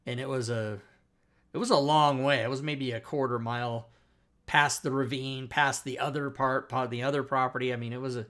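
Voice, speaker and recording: A man hosting a casual livestream, telling a story in an animated, profane way with frequent laughter. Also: medium pitch. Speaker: host.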